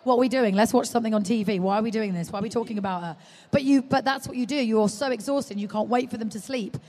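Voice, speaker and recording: Lively woman telling stories. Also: fairly high pitch, quick pace. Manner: animated storytelling, acting out quotes. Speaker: guest, mother of a baby. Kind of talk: live podcast chat. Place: live stage at a large exhibition hall. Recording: long reverb of a large hall.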